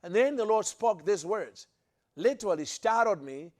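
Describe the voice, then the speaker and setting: A man with a notably high voice delivers a sermon-style teaching to his listeners. He hammers points home by repeating phrases, and he often breaks off and restarts his sentences mid-thought. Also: lively intonation, moderate pace. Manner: emphatic, repeats phrases for stress. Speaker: preacher.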